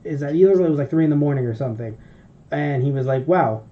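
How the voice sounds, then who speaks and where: A man's voice: on the high side, rapid-fire, slight background noise. A man co-hosting a podcast, telling a long, rambling, profane story in casual chat. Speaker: podcast co-host. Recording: dull lo-fi podcast audio.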